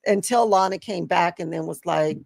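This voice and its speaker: Lady co-host joking around on a stream, low gravelly voice, dry mic. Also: moderate pace, darkish tone, dry recording. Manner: playful, teasing. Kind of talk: casual live-stream chat.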